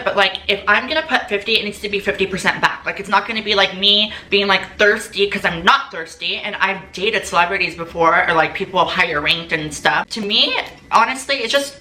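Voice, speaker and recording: A woman's voice: medium pitch, bright, forceful tone. A young woman telling a casual storytime monologue as a vlogger, chatty and full of fillers, acting out the quoted lines. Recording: echoey room, faint background noise.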